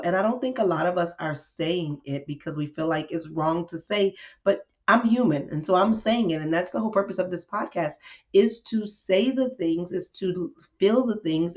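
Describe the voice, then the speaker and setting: A candid woman hosts a diary-style podcast, her voice sitting a little low and her storytelling lively with acted-out quotes. The recording sounds slightly dull and lo-fi. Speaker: podcast host.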